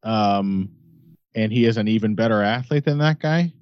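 A man's voice: lowish voice, normal speed, clear, resonant tone, no echo. A man co-hosting a podcast, giving laid-back fight analysis with jokey asides. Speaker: podcast co-host. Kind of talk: casual sports chat. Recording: dry, slightly dull lo-fi audio.

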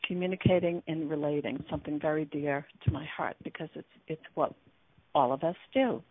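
A relationship coach hosting an internet radio talk show, this woman speaks a little fast in a low-pitched, steady voice. She's earnest, though fillers and restarts crop up often; the sound comes over a tinny, dry phone line with no echo.

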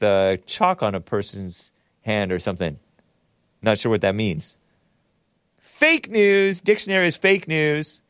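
Sardonic rambling man, lively pitch. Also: no echo, studio quality. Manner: sardonic, rambling, spells words out letter by letter; laughs at his own jokes. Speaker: talk show host. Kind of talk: casual solo commentary reading super chats.

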